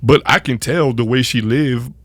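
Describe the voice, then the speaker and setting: A man hosting a podcast interview, reflective and soft-spoken, with many fillers. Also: mid-range voice, moderate pace, no echo. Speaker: podcast host. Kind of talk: interview conversation.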